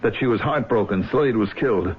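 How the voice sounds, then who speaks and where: An actor playing a middle-aged man haunted by a lost memory, in 1970s radio drama style with a low, intense delivery. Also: a little fast, close to an everyday voice. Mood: guarded. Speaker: lead character. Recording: dull old radio recording with hiss.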